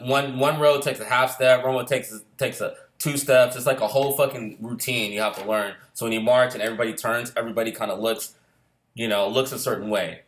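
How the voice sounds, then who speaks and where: A man rattles off a story at a quick clip, rambling from one point to the next. He swears freely and laughs along as he talks. His pitch sits in an ordinary middle range. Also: fairly bright tone. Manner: rambling, laughs between lines, swears a lot. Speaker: storyteller recalling boot camp. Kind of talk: casual profane storytelling.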